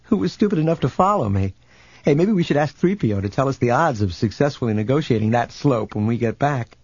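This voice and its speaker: A man's voice: mid-range voice, expressive, fast talker, a little mellow, husky, dry recording, lo-fi sound. A man voicing an eager, cheeky eighteen-year-old boy with a lifted, boyish tone in a storybook reading.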